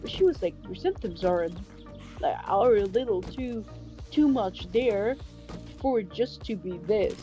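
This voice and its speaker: A young woman livestreamer telling a story in casual chat, animated, swearing often and laughing. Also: mid-range voice, unhurried, faint music behind.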